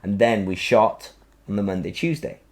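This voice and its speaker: A man, hosting a podcast and telling a story in a casual, animated way, acting out quotes and swearing freely. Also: lowish voice, normal speed. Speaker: podcast host. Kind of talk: casual chat.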